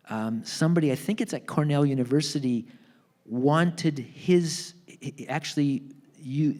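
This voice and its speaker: A man telling a family story in a live onstage book talk, acting out the people in it with lively voices. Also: mid-range voice. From Canada. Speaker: author being interviewed. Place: theatre stage.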